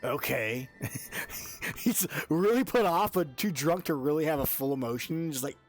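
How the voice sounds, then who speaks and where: A man narrating as game master in a casual, halting way with many fillers. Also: fairly high pitch, expressive, faint music behind.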